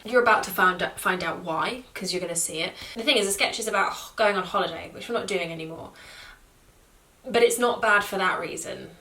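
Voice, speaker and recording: A woman's voice: mid-range voice, fairly quick, pushed and bright, distant mic. Chatty self-mocking woman comedian. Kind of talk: casual vlog intro to camera.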